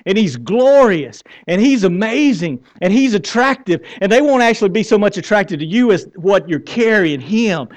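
A man with a Southern American accent preaching a conversational sermon, asking the congregation questions and joking at his own expense. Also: high-pitched. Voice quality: bearded. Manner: conversational preaching with questions to the crowd, wry humor. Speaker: pastor.

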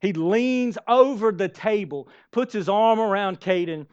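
A man's voice: sits high, a little slow, darkish tone, clean tone. A man preaching a sermon, emphatic and storytelling, repeating phrases for effect. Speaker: pastor. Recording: dull lo-fi sermon recording.

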